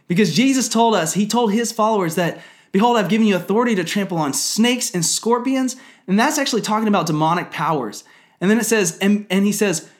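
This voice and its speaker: Speaking briskly in a high voice, this male ministry leader in his thirties gives an earnest testimony about his family during a sermon. He talks conversationally and leans on lots of fillers.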